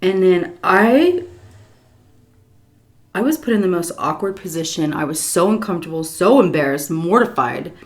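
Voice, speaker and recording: A woman in her thirties telling a story in a chatty, animated way, with lots of fillers, while eating on camera. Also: lowish voice, normal speed. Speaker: vlogger.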